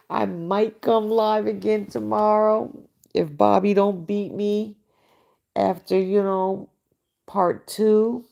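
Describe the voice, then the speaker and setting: A woman's voice: mid-range voice, vocal fry, mellow. A middle-aged woman hosting a late-night livestream, chatting bluntly and casually with viewers and reacting to their comments. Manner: blunt, chatty, frequent "you know". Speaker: livestream host.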